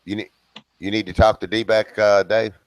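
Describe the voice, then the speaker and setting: A man with a Southern US accent chatting casually on a livestream, with a relaxed drawl full of "you know.". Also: fairly low pitch, normal speed, dry recording, low-quality recording. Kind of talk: casual chat.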